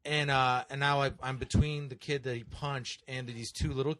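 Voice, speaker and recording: A man's voice: medium pitch, fairly even intonation, moderate pace, a bit bright, no echo. A man co-hosting a podcast, telling a story in a rambling, profane way full of fillers. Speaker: podcast co-host. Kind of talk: casual chat.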